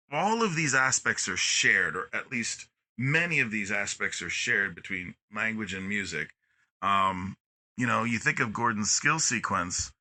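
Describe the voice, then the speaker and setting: A man talking as a podcast guest in casual conversation, very expressive, constantly stressing and softening words. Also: fairly low pitch. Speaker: podcast guest, music educator.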